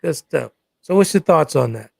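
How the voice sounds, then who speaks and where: A man's voice: fairly high pitch, animated, normal speed, vocal fry, a little mellow, slightly rough, no echo, studio quality. A man co-hosting a live talk show about relationships, talking emphatically and often repeating "exactly" and "good stuff".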